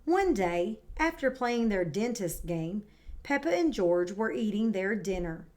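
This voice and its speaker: A woman teaching kindergarten and reading a picture book aloud, who models words clearly and praises the children warmly. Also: mid-range voice, very animated, a little slow. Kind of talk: read-aloud lesson for young children. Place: home, indoors.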